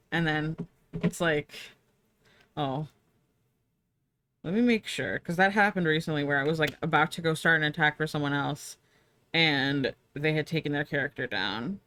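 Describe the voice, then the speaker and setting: A woman's voice: lowish voice, sharp tone, dry recording. A young woman streaming live, chatting casually with viewers while she draws, sleepy and yawning. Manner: chatty, bubbly, talks to chat and herself.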